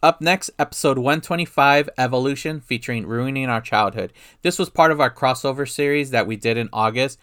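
Upbeat podcast host, dry mic. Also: male voice, mid-range voice, a bit bright, clean tone, dry recording. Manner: laughs often, upbeat. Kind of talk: casual podcast chat. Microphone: remote podcast mic at home.

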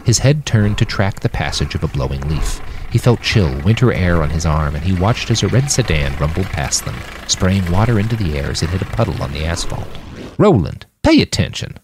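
A man reading his own fiction aloud with an expressive storytelling delivery, close to a dry studio mic. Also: low voice, a little fast, hardly any pauses, background noise. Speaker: narrator.

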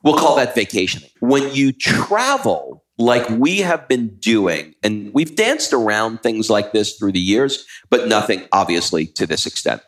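Animated man chatting about travel. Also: on the low side. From United States. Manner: animated storyteller, acts out quotes. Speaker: co-host. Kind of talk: casual travel chat.

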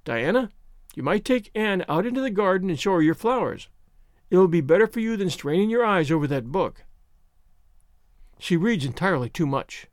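A man's voice: high voice, animated, moderate pace, no room sound, clean studio sound. A man doing a strict, cordial mother. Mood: firm. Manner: cordial but firm. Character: strict, resolute mother, middle-aged. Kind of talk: audiobook character reading.

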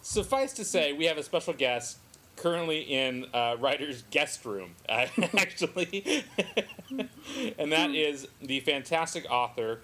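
A man's voice: a little high, lively intonation, measured pace, pushed and bright. A man in his forties who grew up in the Southern California desert, co-hosting a podcast and telling a long, self-amused story in casual chat. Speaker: podcast co-host.

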